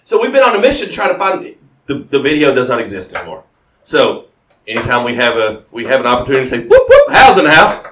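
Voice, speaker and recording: A man's voice: medium pitch, very animated, fast, a bit bright. A man co-hosting a podcast in casual chat, telling rambling stories, laughing often and restarting his sentences. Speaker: podcast co-host. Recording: echoey room.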